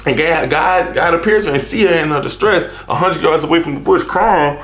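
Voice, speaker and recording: A man's voice: on the high side, fairly quick, fairly bright tone, soft background music. A man preaching in a loose, conversational way, often restarting his sentences and tagging them with "right?" and "you know". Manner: restarts and rephrases often, street-casual wording. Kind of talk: casual conversational sermon.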